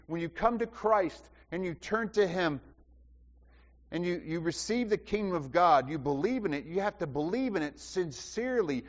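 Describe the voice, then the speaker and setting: A man with a fairly high, very lively voice preaches a sermon, asking the congregation questions and repeating phrases for emphasis. His voice rings through a church hall with a long reverb. The recording sounds dull. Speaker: pastor.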